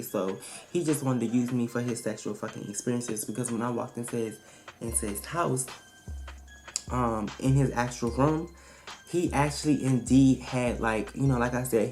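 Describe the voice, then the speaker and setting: A woman vlogger telling a storytime in a casual, blunt and profane way, animated and emphatic as she retells it. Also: extremely low pitch, moderate pace, faint music behind.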